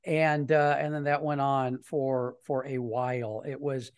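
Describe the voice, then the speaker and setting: A man hosting a casual podcast from a home studio, telling a story in a rambling, halting way with many restarts. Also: mid-range voice, flat delivery, smooth. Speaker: podcast host.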